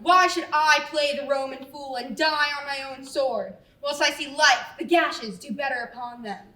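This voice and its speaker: A bombastic Macbeth played by a woman blusters with bright, shouty bravado. She sounds far off in an echoey room with faint noise. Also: high voice, moderate pace, soft background music. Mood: defiant. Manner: shouty mock-Shakespearean bravado. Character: bombastic stuffed-animal Macbeth. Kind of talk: stage comedy acting.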